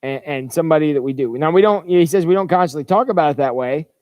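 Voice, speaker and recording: A man's voice: fairly high pitch, fast, a little mellow, no echo, studio quality. A man pastor giving an informal livestreamed church talk in a chatty, rambling way, stumbling and restarting often.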